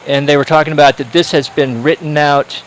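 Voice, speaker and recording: Rambling, higher-voiced male commentator. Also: fairly even intonation, fairly quick, slight background noise, poor audio. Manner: rambling storyteller, many fillers and restarts. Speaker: sports broadcast commentator. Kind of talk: casual chat on a livestream.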